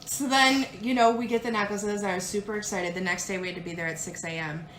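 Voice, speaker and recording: A woman jewelry consultant telling a story in a casual, animated way, acting out the people she quotes. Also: medium pitch, fast, roomy sound, a little hiss or hum. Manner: animated, dramatic retelling with put-on quoted voices.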